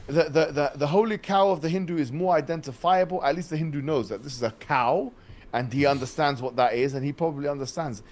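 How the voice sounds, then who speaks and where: A man with a high voice argues on a podcast, talking in a lively, mocking way. He laughs as he goes and mimics the people he is criticizing. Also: quick pace. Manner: mocking, mimics opponents, laughs while arguing. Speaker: debater guest. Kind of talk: animated podcast argument.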